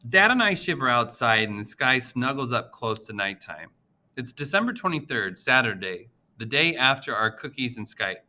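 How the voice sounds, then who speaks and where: A man narrating an audiobook in the first person, with an expressive, emotional reading. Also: medium pitch, moderate pace.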